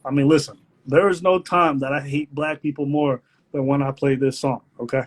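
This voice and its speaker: Husky man chatting candidly on a live stream. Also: mid-range voice, steady tone, moderate pace. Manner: candid, rambling, joking. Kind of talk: casual live-stream chat.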